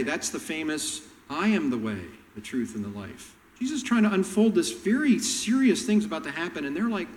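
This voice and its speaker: A man preaching a sermon, telling Bible stories and acting out the characters' lines with animated voices. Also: on the high side, normal speed, hardly any pauses, long reverb tail, poor audio. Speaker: pastor.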